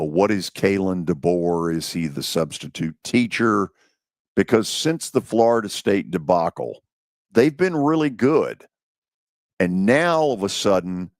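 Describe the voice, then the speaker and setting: A man hosting a sports talk show, chatting casually about football in a relaxed, unhurried way with drawn-out pauses. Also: low voice, no echo, studio quality. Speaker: radio show host.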